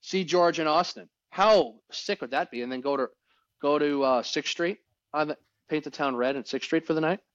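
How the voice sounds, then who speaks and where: Excitable rambling male podcast co-host. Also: fairly high pitch, normal speed, no room sound. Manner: excitable, rambling, restarts words. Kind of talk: casual chat. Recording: dull, dry, lo-fi podcast audio.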